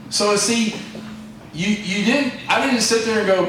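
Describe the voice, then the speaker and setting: A company president gives his staff a rambling, folksy pep talk in a high, expressive, fairly quick voice that sounds a bit bright. There's a little hiss or hum, and the distant mic picks up an echoey room.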